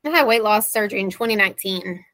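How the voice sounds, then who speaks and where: A woman's voice: mid-range voice, expressive, fast talker, sharp tone, dry recording. A woman in her thirties, a guest recounting a bad experience, quoting messages back and forth with a wry, exasperated manner. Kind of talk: interview storytelling.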